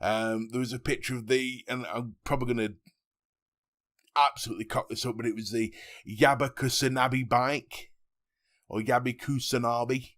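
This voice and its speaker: A man's voice: medium pitch, fairly even intonation, normal speed, fairly bright tone. A man co-hosting a casual gaming podcast, jokey and laughing often. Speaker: podcast co-host.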